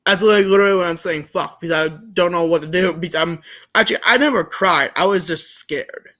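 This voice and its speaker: A young man with a high voice tells a story in a loose, rambling way. He keeps restarting his sentences and filling pauses. His retelling is joking and animated. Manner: rambling, full of fillers and restarts. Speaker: vlogger. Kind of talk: casual storytelling.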